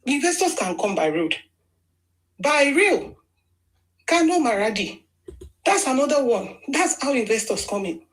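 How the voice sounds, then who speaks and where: A woman's voice: high voice, sing-song, unhurried, pauses often, poor audio. Emphatic Nigerian woman commentator. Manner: emphatic, argumentative, repeats phrases for stress. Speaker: political commentator. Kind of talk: opinionated political commentary.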